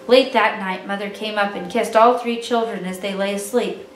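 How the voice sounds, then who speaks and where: A woman narrating a children's book aloud in a gentle, clear reading voice. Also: medium pitch, fairly even intonation, normal speed. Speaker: storyteller. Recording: echoey room, distant mic, faint music.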